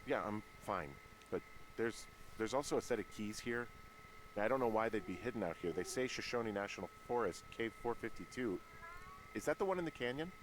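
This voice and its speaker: An actor playing a weary middle-aged male fire lookout with dry, deadpan humor, in video game voice acting over game music. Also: on the low side, fairly quick, slight background noise, lightly acted, rough recording. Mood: wry.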